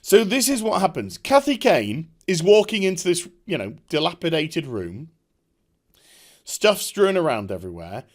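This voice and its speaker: A man's voice: fairly high pitch, big pitch swings, normal speed. A man ranting in a vlog, heated, scornful and profane. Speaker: online commentator. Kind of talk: angry rant vlog.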